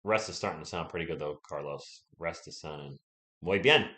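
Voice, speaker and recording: A rumbling low voice moves briskly through casual live commentary, the sound roomy around him. The young host has a sore throat and seems ill, so he restrains his volume. He chats easily and replies to people watching.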